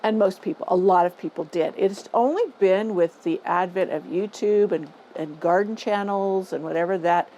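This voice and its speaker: A woman's voice: lowish voice, normal speed, few pauses, warm tone, dull audio, a little hiss or hum. A middle-aged or older woman hosting a gardening vlog, talking casually and opinionatedly, repeating points for emphasis, recorded in a greenhouse. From Northern California. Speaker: gardening channel host. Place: greenhouse on a rainy day. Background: faint dripping rain ambience.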